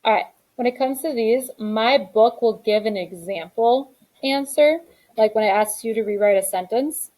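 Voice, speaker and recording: Woman teacher, slightly high voice, classroom, reads each item then explains it. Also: moderate pace, dark tone, rough recording. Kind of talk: classroom grammar lesson.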